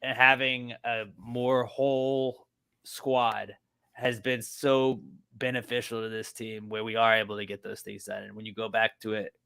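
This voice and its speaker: A man co-hosting a loose sports podcast, talking in a rambling way full of restarts and casual swearing. His slightly low voice is bright and forceful, and it sits in a dry, close sound. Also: flat delivery, measured pace, vocal fry, clean tone, dry recording. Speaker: podcast co-host.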